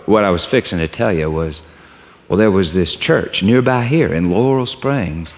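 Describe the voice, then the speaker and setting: A man voicing a humble, wounded old mountain man who talks in a halting, folksy way. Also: deep voice, voice pushed down. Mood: recounting. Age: older. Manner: halting, folksy, repeats himself. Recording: long hall reverb.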